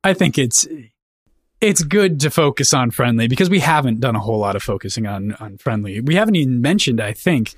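A man co-hosting a casual book discussion podcast, playful and quick to laugh. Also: mid-range voice, no echo, studio quality. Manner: animated, laughs often, playful. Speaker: podcast co-host.

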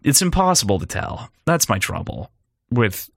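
A young man co-hosting a podcast, talking through a film in a rambling, animated way, with restarts and laughs. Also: mid-range voice, normal speed, vocal fry, dry recording, studio quality. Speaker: podcast co-host. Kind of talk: casual film discussion.

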